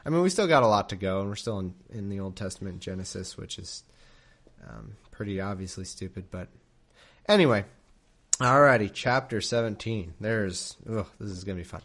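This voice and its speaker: A man's voice: on the low side, expressive, a little fast, fairly bright tone. A man hosting a solo show who reads scripture aloud and riffs on it, laughing and rambling with many restarts. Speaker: podcast host. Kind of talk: comedic Bible reading and commentary.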